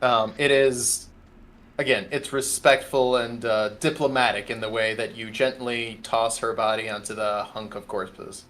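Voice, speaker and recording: A man's voice: medium pitch, steady tone, unhurried, a bit bright. A man running a tabletop game as game master over an online call, narrating casually with many fillers. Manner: casual, rambling, full of fillers.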